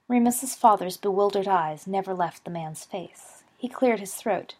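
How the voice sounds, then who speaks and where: A woman narrating a story in a steady, measured reading voice. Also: medium pitch. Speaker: reader.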